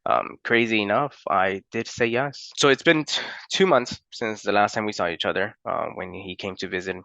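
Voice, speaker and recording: A young man from Florida telling a personal story in a halting, unhurried way with many pauses and fillers. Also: fairly low pitch, gravelly, pushed and bright, dry recording, muffled recording.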